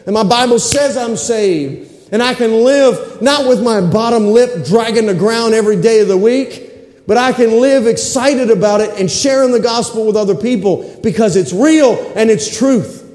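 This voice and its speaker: A man's voice: high voice, lively intonation, moderate pace, darkish tone. A man preaching a sermon from the pulpit, building rhythmic lists and repeated calls, with sudden whoops. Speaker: pastor. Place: church sanctuary. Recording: echoey church hall.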